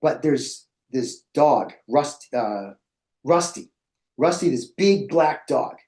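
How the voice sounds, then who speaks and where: A middle-aged man presenting to educators and telling a personal story in an animated way that acts out his own reactions. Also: mid-range voice, slow pace, echoey room.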